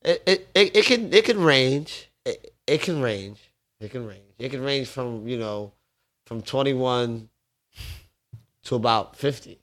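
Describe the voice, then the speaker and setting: A man's voice: mid-range voice, lively intonation, unhurried, fairly bright tone. Man, laid-back streetwise storyteller, podcast studio. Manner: laid-back, streetwise, laughs while telling stories. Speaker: bar owner guest. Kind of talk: casual storytelling.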